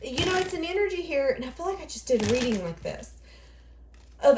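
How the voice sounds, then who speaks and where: A woman's voice: sits high, lively intonation, fairly quick, background noise. Woman tarot reader in an echoey room. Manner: rambling, thinking aloud, self-correcting. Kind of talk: casual tarot reading to camera.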